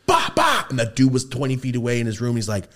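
A man hosting a podcast, telling a profane street story in a casual, animated way and acting out quotes and gun sounds in a studio. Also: medium pitch, rapid-fire. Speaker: podcast host.

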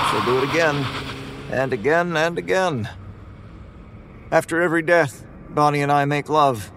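A man's voice: a little high, fairly bright tone. Male horror narrator, weary and grim first-person delivery, faint hiss behind.

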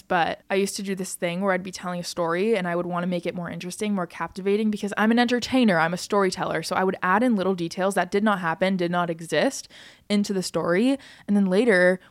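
A bubbly young woman from the US talks through a casual podcast monologue, chatty and excitable. Her voice sits a little low and sounds smooth and clear, recorded dry and close on the mic. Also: no echo. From United States. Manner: bubbly and chatty, quick bursts and laughs. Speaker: podcast host.

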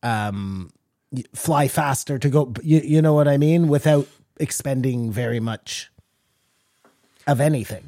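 A man's voice: mid-range voice, measured pace, mellow, no echo. Podcast guy, mid voice, dry, keeps asking why and stumbling over his words. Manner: questioning, hesitant, many restarts and fillers. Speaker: podcast co-host. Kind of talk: casual chat.

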